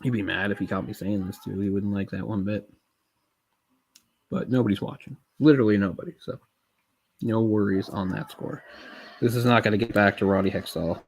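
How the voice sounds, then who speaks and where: A man's voice: fairly low pitch, steady tone, fairly quick, vocal fry, pauses often, husky. A man giving casual live commentary on a film while feeling unwell, rambling in chatty asides with lots of fillers. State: unwell, keeps swallowing.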